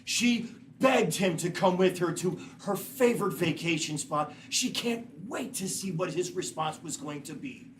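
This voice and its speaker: A man with a fairly high voice improvises a story on stage. His narration is easygoing. He sounds distant from the mic, with faint noise behind him. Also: animated, unhurried. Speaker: improv player.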